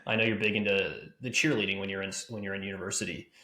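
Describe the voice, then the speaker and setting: A man's voice: low voice, fairly even intonation, fast, sharp tone, reverberant. A man hosting a podcast in an easygoing way, laughing along and asking open questions. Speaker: podcast host. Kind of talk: casual interview chat.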